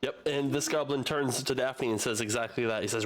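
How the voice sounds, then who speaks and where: A man running a tabletop game as game master, narrating in a casual, halting way with many restarts. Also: medium pitch. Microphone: home streaming mic.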